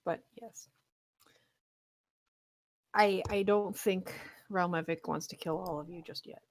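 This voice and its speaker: A woman's voice: lowish voice, fairly even intonation, takes it slowly. A woman running a tabletop game as game master, chatty and laughing often, with plenty of ums.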